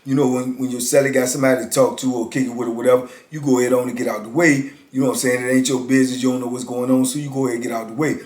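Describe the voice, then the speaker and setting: A man's voice: medium pitch, little pitch movement, very fast, hardly any pauses, darkish tone, roomy sound. A man in his fifties casually telling a story in a laid-back, slangy way, peppered with "you know.".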